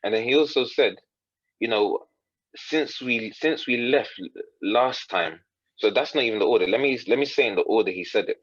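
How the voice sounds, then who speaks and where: A man's voice: medium pitch, moderate pace, slightly rough, no echo, highs cut off. A man, a coach, earnestly recounting a story in conversation, quoting others and often restarting his sentences. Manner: earnest, retells dialogue in quotes with frequent restarts. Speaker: coach, podcast guest.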